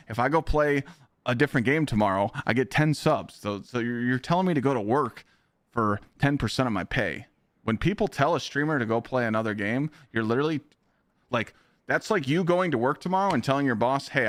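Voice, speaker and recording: Man, streamer, blunt heated rant, profane, mid-pitched voice, dry close sound. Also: expressive, fairly quick, dry recording.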